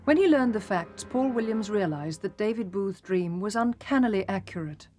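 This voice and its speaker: A woman reading a scripted documentary voice-over in a crisp, formal way. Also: medium pitch, animated, moderate pace, darkish tone. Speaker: narrator. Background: music bed.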